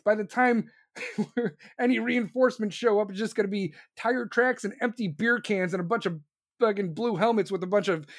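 Heated, profane ranting host. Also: mid-range voice. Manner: sarcastic, swears constantly, mocks officials in put-on voices; fast, heated, repetitive.

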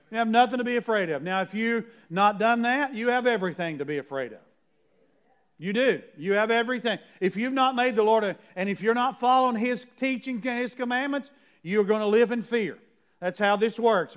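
Male pastor, high-pitched, emphatic sermon delivery with slow scripture reading. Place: church sanctuary.

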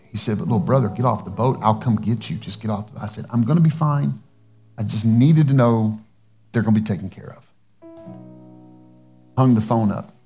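A man preaches, telling a personal story with earnest restarts and acted-out dialogue. His voice sits at an ordinary middle pitch, and faint music plays softly behind him. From United States. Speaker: pastor. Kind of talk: sermon storytelling.

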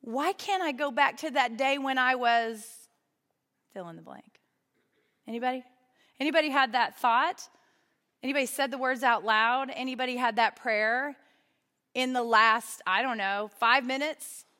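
A woman's voice: high-pitched, moderate pace, sharp tone. A young woman giving a conversational, humorous sermon to a live audience, often putting questions to them. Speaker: women's ministry speaker. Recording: long hall reverb.

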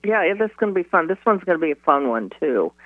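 A woman's voice: lowish voice, very animated, quick pace, dry recording, faint music behind. Chatty woman astrologer on a phone line. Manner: chatty, laughs often, many restarts. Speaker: astrologer and guest. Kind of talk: radio interview by phone. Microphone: telephone.

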